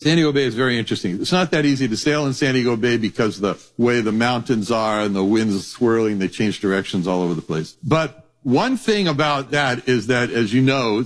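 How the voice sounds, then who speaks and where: A middle-aged man preaching a sermon, telling stories with lively acted-out voices. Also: medium pitch. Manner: animated storytelling, acts out voices.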